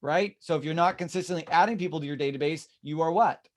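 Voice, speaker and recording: A man's voice: on the high side, fast. A man leading a real estate team meeting, talking animatedly and acting out the people he quotes. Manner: animated, acts out quoted voices.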